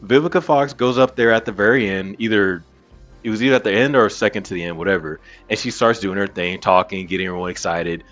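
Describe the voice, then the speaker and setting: A man hosting a podcast, telling a story in an animated, casual way and swearing freely. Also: lowish voice, quick pace. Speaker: podcast host. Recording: muffled with faint music.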